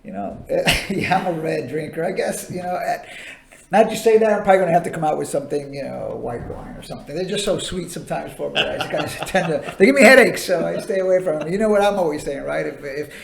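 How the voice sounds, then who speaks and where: Chatty guy, kinda gravelly, highish voice, laughs a lot, echoey room. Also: quick pace. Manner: chatty, laughing, many fillers. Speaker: co-host, wine presenter. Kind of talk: casual chat.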